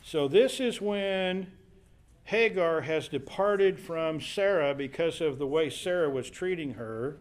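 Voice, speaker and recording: Slightly high-voiced man teaching Bible study. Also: slow pace. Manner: thinking aloud with fillers and restarts, paraphrasing scripture.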